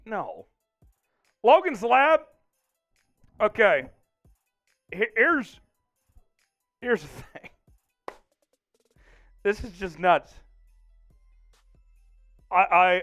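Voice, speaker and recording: Excitable man hosting a sports livestream. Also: high voice, slow pace, gravelly, long pauses, faint music behind. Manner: excitable, reads out super chats, laughs often. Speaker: livestream host. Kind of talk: casual livestream chat.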